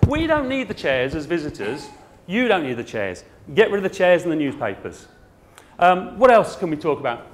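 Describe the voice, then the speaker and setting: Man, middle-aged, blunt and joking on stage, lively higher voice. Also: slight background noise. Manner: blunt, comic, puts on voices. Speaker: garden centre owner and speaker. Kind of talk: conference talk.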